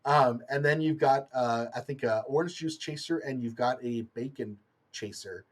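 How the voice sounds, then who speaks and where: A young man hosting a casual chat, giggly and hesitant, with many pauses and ums. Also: medium pitch. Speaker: host.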